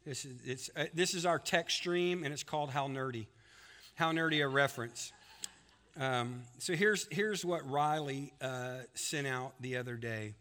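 A middle-aged man, preaching a sermon as pastor, building to loud climaxes and dropping to a hush in prayer. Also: mid-range voice, unhurried. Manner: animated, rising to loud climaxes, hushed in prayer.

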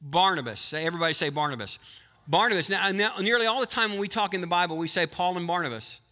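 A male pastor preaching a sermon to a live congregation, quizzing the people and switching between quick talk and slow emphasis. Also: high voice, sharp tone. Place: church before a live congregation.

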